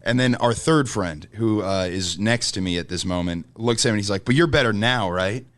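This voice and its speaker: A man's voice: on the low side, brisk, no echo. Laughing comedian man telling stories. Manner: animated storyteller, laughing often mid-sentence. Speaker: comedian guest. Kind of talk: casual podcast chat.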